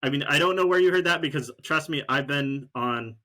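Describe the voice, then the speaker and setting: A man's voice: fairly high pitch, brisk, bright, forceful tone. Insistent male sports podcast co-host. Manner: insistent, defends his point. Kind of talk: casual sports debate.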